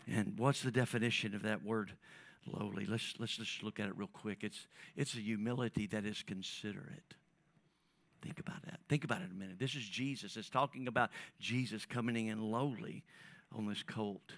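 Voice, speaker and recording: With a lowish, creaky voice, a man delivers a sermon as pastor, addressing the congregation in a conversational style. His volume swings from near whispers to loud, emphatic peaks, he frequently repeats and restarts, and the recording is dry.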